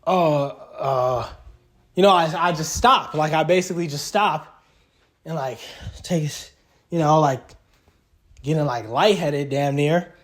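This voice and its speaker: High-voiced young man, rambling storytime. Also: normal speed, long pauses, a bit bright. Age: young adult. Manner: rambling, full of fillers like "like" and "literally". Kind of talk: casual spoken storytime.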